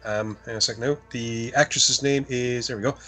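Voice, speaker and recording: A man's voice: medium pitch, fairly even intonation, moderate pace, sharp tone, faint music behind. A man co-hosting a podcast, rambling and swearing as he recaps a horror film. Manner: rambling, profane, self-correcting. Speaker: podcast co-host. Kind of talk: casual chat, recapping a film.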